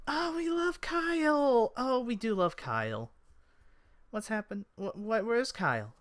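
A sly, teasing elf woman, as a game master puts her on, with coy, sing-song questions and a voice pitched well above a man's usual. She sounds bright and lively, in a dry, close recording. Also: unhurried, no room sound, exaggerated voice. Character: flirty female elf hostess, sly and teasing.

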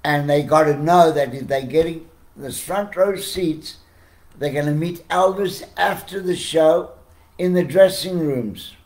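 An older man with a South African accent, telling anecdotes as a podcast guest with lively, chuckling delivery. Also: a little high, unhurried. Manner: animated, chuckling storyteller who acts out quotes. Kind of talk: casual storytelling.

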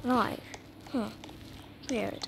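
A young woman chatting through a video game in a high, excitable voice. She talks at a slow, drawn-out pace, repeats herself, and slips into whispers. The recording carries clear background noise. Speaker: gamer. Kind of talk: casual gameplay commentary.

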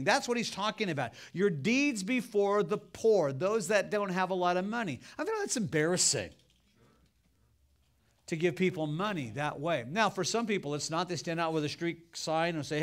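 Man, pastor, sermon, folksy, animated storytelling, slightly high voice. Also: moderate pace. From United States.

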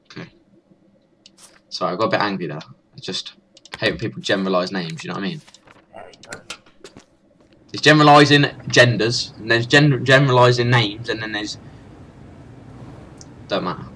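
A man's voice: on the low side, normal speed, long pauses, bright, forceful tone, slight background noise. Brash man mocking game characters. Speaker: gaming channel host. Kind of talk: let's play commentary.

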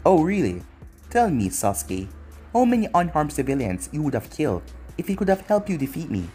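A man's voice: fairly high pitch, very animated, fairly quick, mellow, faint music behind. A man voicing a cruel, smug young male ninja who taunts his former friends with mocking chuckles.

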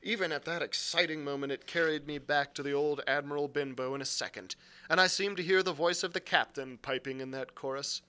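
A man reads a classic adventure novel aloud for a live library show. His voice is bright and forward, sitting a little above an average man's pitch. The telling is expressive, with the odd slip he catches and fixes. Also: fairly quick, clean tone. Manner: expressive storytelling with occasional slips and self-corrections. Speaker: library reader.

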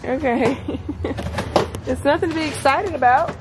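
A woman's voice: high voice, a little slow. A young pregnant woman, a stay-at-home mom vlogging, chatting casually with her kids and laughing often. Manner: talks to her kids, laughs often, loose Southern-style casual speech. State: heavily pregnant, back pain. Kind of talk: casual family vlog chatter. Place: outdoors in a yard. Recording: noisy outdoor phone video. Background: outdoor ambience with kids playing.

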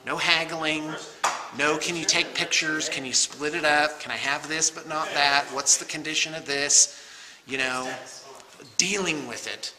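With a crowd audible behind him, the middle-aged man speaks on the high side, a little slowly and with fairly even intonation. He runs a painting studio and makes rambling, self-mocking small talk while unboxing miniatures in this noisy room recording.

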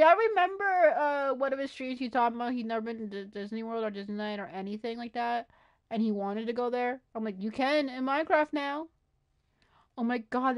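A woman streaming a video game, chatting excitedly to herself and her viewers, often gasping and saying she is freaking out. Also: fairly high pitch. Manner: excitable, gasping, talks to herself while playing. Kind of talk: casual gaming livestream chatter.

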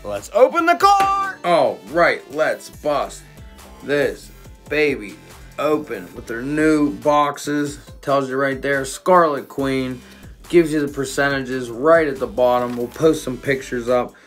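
A man casually chatting and reviewing his cannabis gear in a vlog, excitable and swearing constantly in slangy talk. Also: medium pitch, slow, soft background music. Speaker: cannabis vlogger. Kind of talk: casual profane vlog chat.

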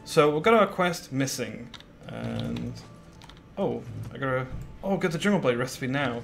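A man's voice: medium pitch, expressive, moderate pace, gravelly, music in the background. A man chatting casually as he streams a game, rambling through what he plans to do with lots of fillers and replies to his chat. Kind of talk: casual live-stream commentary.

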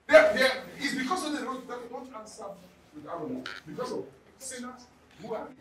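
A middle-aged man preaching a sermon, swinging between loud calls and quiet asides. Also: very high voice, very animated, moderate pace, reverberant, distant mic, rough recording. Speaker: pastor. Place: large church hall.

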